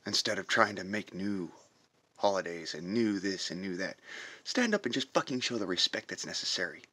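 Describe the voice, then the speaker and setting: A man in a profane, confrontational patriotic rant for a reaction video, hammering his points with slow drawn-out stresses. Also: low voice, lively intonation, bright, forceful tone. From United States. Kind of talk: heated patriotic rant to camera.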